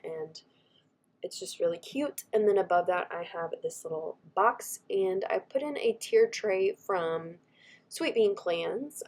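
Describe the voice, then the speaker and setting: A woman, chatting warmly and gushing as she walks through her planner stickers, her voice a little scratchy from a cold. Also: mid-range voice. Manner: gushing, chatty, frequent soft asides. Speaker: planner vlogger. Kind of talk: casual chat over a craft video.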